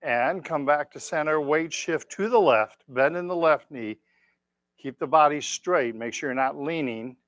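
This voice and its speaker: Guy calmly talking a tai chi class through slow moves, slow talker, dry close sound. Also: medium pitch, no echo. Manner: calm, counting out moves slowly. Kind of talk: leading an exercise class. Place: exercise class room.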